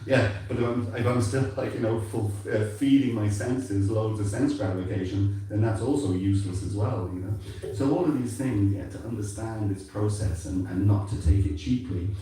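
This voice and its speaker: A man's voice: fairly low pitch, moderate pace, dark tone. A man from England with an accent mixing English and Irish, giving a conversational sermon full of "you know" asides. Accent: mixed English and Irish. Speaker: temple speaker. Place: temple hall. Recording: echoey hall from a distance.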